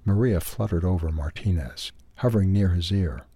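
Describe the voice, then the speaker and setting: A man with a low, gravelly voice reads a children's story aloud in a calm, even way. His tone is dark and a little husky. The recording is close and dry. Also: normal speed, no echo. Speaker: newsletter audio reader. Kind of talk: storybook narration.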